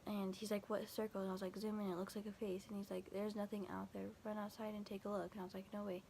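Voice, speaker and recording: Flat, gravelly young woman telling a story. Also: medium pitch, fast, a little hiss or hum. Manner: quotes texts with constant "I was like", "he's like"; rambling, filler-heavy, frequent restarts. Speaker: vlogger. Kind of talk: casual storytime retelling.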